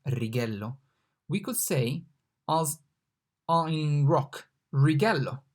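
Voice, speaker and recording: A language mentor giving a recorded online lesson, patiently repeating each example word slowly. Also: medium pitch, gravelly, darkish tone.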